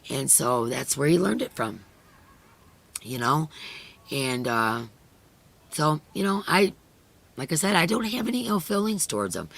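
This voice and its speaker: A middle-aged woman hosting a crochet live stream, chatting earnestly and emotionally with viewers, her voice hoarse and fading. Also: low-pitched, big pitch swings, a little slow, long pauses, a bit bright. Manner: earnest and emotional, many "you know" fillers. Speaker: crochet channel host. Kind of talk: casual chat on a live stream, reading viewer comments.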